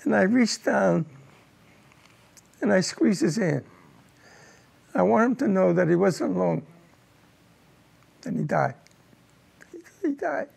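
Gravelly-voiced older man recalling war. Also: sits high, animated, darkish tone. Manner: halting, repeats words while telling a painful memory. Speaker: war veteran recounting combat. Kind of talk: oral history interview.

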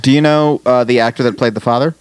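A man's voice: medium pitch, fairly even intonation, quick pace, clean tone. A man co-hosting a podcast in casual chat, making dry, wry remarks and recapping scenes. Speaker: podcast co-host.

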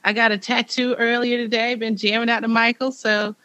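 A podcast co-host chats in a relaxed, joking way, the voice bright and forceful. The recording is dry, with no room around it. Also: medium pitch, fairly quick, no room sound. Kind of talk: casual chat.

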